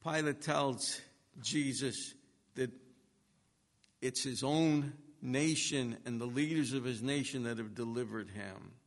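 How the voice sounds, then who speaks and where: A man preaching an expository sermon, speaking emphatically and building to forceful peaks. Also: mid-range voice, slow. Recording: long reverb of a large hall.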